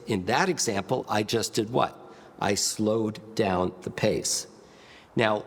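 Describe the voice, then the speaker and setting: A man teaching public speaking, emphatic and asking rhetorical questions, shifting his loudness and pace to demonstrate. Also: mid-range voice, husky, big-room sound. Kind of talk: spoken lesson with live demonstrations.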